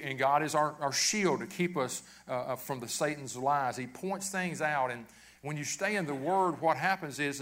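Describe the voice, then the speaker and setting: Earnest pastor preaching a sermon. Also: male voice, on the high side, fairly bright tone. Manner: earnest, repetitive preaching with frequent restarts.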